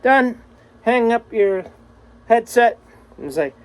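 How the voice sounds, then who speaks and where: A man's voice: very high voice, expressive, takes it slowly, rough recording. A man recording a casual, rambling video message to a friend, swearing freely and laughing often. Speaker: vlogger.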